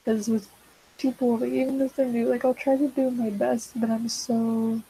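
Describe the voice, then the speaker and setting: A woman's voice: fairly high pitch, little pitch movement, moderate pace, mellow, a little hiss or hum, rough recording. A teenage girl chatting casually while drawing, rambling and awkward, full of fillers and restarts, self-deprecating. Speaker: digital artist vlogger. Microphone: desk mic.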